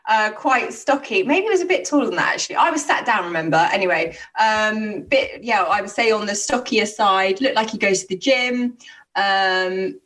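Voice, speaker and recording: A young woman tells stories in a loose, animated way, acting out what people said and tripping over her words. Her pitch sits in a middle range. She sounds a little far from the microphone. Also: normal speed. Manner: animated, acts out quotes, frequent fillers and restarts. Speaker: podcast co-host telling stories. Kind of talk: casual storytelling chat. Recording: voice a little off-mic.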